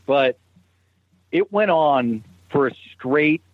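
A man from Brockton telling a story in casual chat, animated and profane. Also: a little high, slow, narrow, tinny audio, heavy background noise. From Brockton, Massachusetts.

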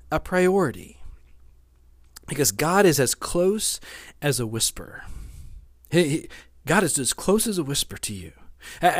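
A man's voice: fairly high pitch, dry recording, clean studio sound. A man preaching a sermon in an earnest way, repeating key phrases for emphasis and often restarting his sentences. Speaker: pastor.

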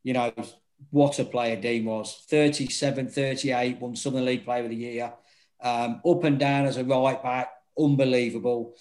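A former football manager, a man with a mid-range voice, tells stories at a moderate pace in casual chat. He swears freely and acts out quotes in an animated way. The audio quality is poor.

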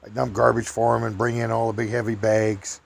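An older man casually telling a rambling personal story, chuckling often and raising his voice high to act out other people's lines. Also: level tone, brisk, vocal fry.

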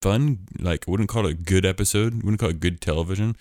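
A man's voice: low voice, fast, darkish tone, no room sound, studio quality. A man hosting a podcast, chatting casually in a rambling, jokey way with lots of fillers. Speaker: podcast host.

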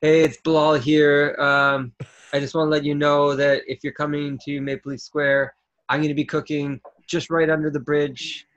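A man voicing a laid-back young man promoting his food stand, in a slow, drawn-out street-guy delivery. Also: a little high, level tone, a bit bright, dull audio, pitched above the performer's own voice, natural voice. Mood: chill.

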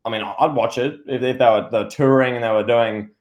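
A man co-hosting a casual wrestling podcast, talking in a rambling, excitable way with lots of restarts. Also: medium pitch, a little fast, muffled recording. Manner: rambling, excitable, full of restarts and playful impressions. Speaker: podcast co-host.

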